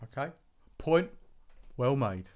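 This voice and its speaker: A man's voice: mid-range voice, expressive, slow pace, a little mellow. A man hosting a radio music review panel, talking casually in a playful, teasing way and laughing often. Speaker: radio host reviewing new tracks.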